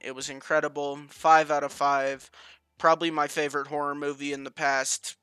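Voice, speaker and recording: Bright, clear-voiced young man reviewing a film. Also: on the high side, flat delivery, normal speed, dry recording. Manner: casual, rambling with many fillers and swearing. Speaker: movie reviewer. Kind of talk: casual movie review.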